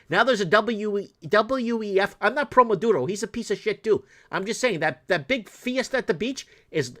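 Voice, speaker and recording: A man's voice: high-pitched, fairly bright tone. A man hosting a call-in show, blunt and argumentative, lecturing and cursing freely. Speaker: host. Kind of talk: opinionated call-in talk show.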